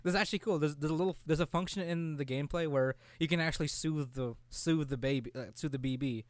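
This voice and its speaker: Young guy, rambling and profane game chat, smooth tone, acts out bits of dialogue. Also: fairly high pitch, no echo. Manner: rambling, profane, acts out characters in quick voices. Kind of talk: casual chat about a video game.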